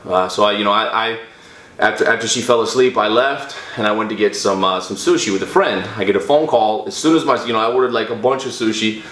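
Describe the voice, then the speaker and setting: A man's voice: fairly low pitch, quick pace, a bit bright. A young man, a fitness vlogger, telling a personal story in a casual, rambling way with many restarts and fillers. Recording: echoey room.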